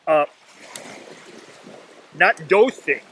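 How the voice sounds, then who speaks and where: A man's voice: a little high, expressive, very slow, fairly bright tone, a little hiss or hum, full character voice. A man playing a blunt, disapproving small-town male cop in a story he tells. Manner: blunt, dismissive.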